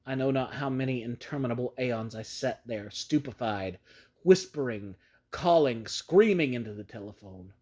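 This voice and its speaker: A man narrating a horror story in a grave, measured storytelling manner. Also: mid-range voice, a little mellow. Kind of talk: dramatic reading of a horror story.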